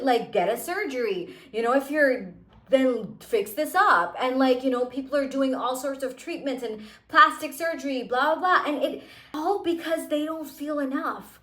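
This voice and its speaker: A woman's voice: sits high, a bit bright. A young woman giving a casual motivational monologue to her viewers, chatty and full of "like" and "you know". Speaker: manifestation content creator. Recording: echoey room.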